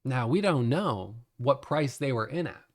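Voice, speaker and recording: A middle-aged man explaining a trading topic in a casual, animated way, laughing often as he tells the story. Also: medium pitch, a little slow. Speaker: day trading educator.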